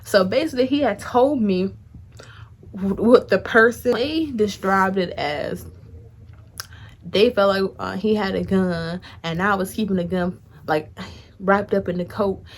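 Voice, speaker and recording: A young woman vlogger telling a casual storytime to her viewers, chatty and animated, speaking straight to them. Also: medium pitch, slight background noise.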